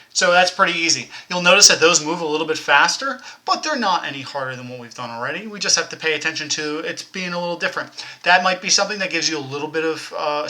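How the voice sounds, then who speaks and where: A man's voice: fairly high pitch, bright, forceful tone. A man teaching a recorded elementary music lesson, encouraging young children, counting them in and chanting rhythm syllables.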